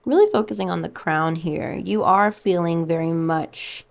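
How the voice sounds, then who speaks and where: A chatty woman reads tarot cards for her viewers, thinking out loud as she goes. Her voice sits a little low. She drifts from card meanings into loose, casual asides. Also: moderate pace, creaky. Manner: chatty, musing, thinks aloud while pulling cards. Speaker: tarot reader.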